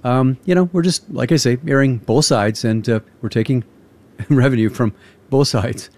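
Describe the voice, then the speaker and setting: A man's voice: mid-range voice, normal speed, a little mellow. A man, hosting a radio show in casual on-air chat, rambling with lots of fillers. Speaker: radio host. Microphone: studio microphone.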